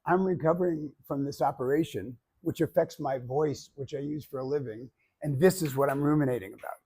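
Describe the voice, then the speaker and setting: A man with a husky, mid-range voice gives a public speaking class a demonstration speech. He stays animated and joking and speaks straight to his listeners. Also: mid-range voice, a little fast. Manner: animated and joking, addressing the audience directly.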